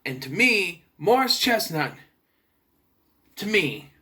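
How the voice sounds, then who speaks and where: A young adult man casually reviewing a movie, chatty and sarcastic, sometimes clearing his throat. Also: high-pitched, sing-song, takes it slowly, bright, forceful tone.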